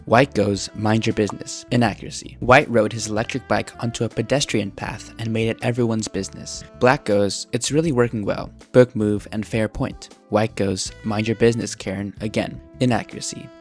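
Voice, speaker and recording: A low-pitched man narrates in a dry, sarcastic tone, grading silly arguments like chess moves. His delivery is scripted and even, with faint music under it. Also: moderate pace, few pauses. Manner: sarcastic, mock chess commentary. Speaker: commentator.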